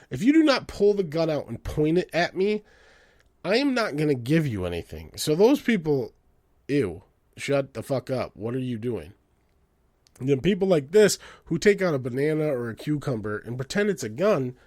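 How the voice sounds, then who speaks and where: A man rants and swears with a lively, bouncing pitch, jumping from loud outbursts to low mutters. His voice sounds dry and close to the mic, with no room echo. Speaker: podcast host. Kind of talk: profane comedic rant.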